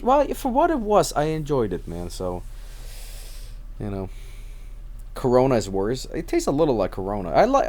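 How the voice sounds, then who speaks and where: A man's voice: lowish voice, a little mellow. A man streaming, chatting casually and rambling with many restarts and plenty of swearing.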